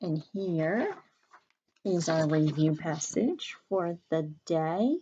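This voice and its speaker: A woman's voice: low voice, animated, takes it slowly, dark tone, dull audio, slight background noise. A woman teaching a spelling lesson to young children, carefully sounding out letters and words at a whiteboard. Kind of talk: early-grade spelling lesson.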